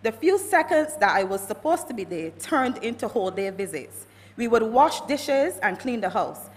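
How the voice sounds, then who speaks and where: Eulogy reader: Barbadian woman, fairly high voice, long church reverb. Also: sing-song, moderate pace. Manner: reads from notes, warm storytelling with quoted anecdotes. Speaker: family member giving a eulogy. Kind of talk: reading a eulogy at a funeral service.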